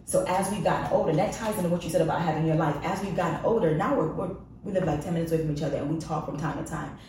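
Low-voiced woman telling her story frankly. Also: very fast, darkish tone, distant mic, slight background noise. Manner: frank and confessional, emphatic repetition. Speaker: podcast guest. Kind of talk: candid personal storytelling. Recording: echoey room, voice off-mic.

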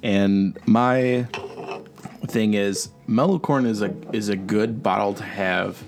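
A man with a lowish voice talks loosely in a relaxed podcast chat. He rambles, restarts his sentences and laughs easily as he goes. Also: slow pace, soft background music. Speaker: podcast co-host. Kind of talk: casual chat.

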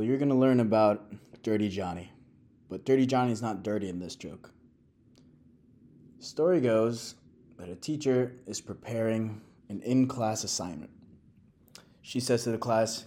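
A young man telling jokes in an easy, conversational way. His voice sits mid-range for a man, and he now and then drops to quiet asides. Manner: relaxed, conversational, dropping to low asides. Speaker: joke-telling host. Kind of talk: storytelling jokes.

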